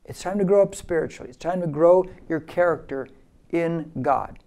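A man's voice: on the high side, normal speed, warm tone. A male pastor preaching a verse-by-verse sermon with emphasis, leading listeners in repeating key phrases.

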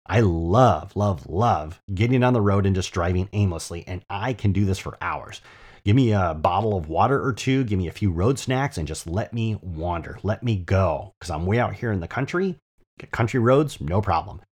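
A man's voice: low voice, animated, normal speed, darkish tone, breathy edge. A man hosting a podcast, telling a personal story in a chatty, enthusiastic way and often checking in with "right?". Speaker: podcast host. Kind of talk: casual storytelling monologue.

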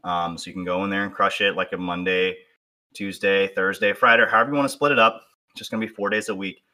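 Deep, bright-voiced male fitness coach. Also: steady tone, quick pace. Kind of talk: casual chat.

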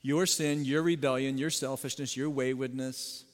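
A male pastor preaching a sermon, emphatic, swinging from loud rising appeals to low sober warnings. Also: steady tone, moderate pace, big-room sound.

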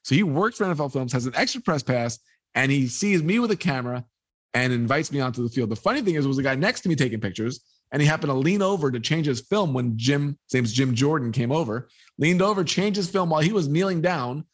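Dry-voiced man telling a lively story. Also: on the high side, fast, no room sound. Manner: animated, acts out quoted dialogue. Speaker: sports photographer, interview guest. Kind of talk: storytelling anecdote.

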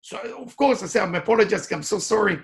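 A man who works as a life coach gives an emphatic motivational talk, telling personal stories in animated, non-native English phrasing. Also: high voice, quick pace, creaky.

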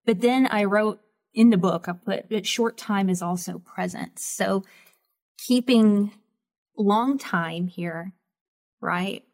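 A Southern American woman hosts a relaxed interview conversation. She sounds eager and thinks out loud, with a mid-range pitch. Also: slow pace. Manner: enthusiastic, thinks aloud with fillers. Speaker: podcast host.

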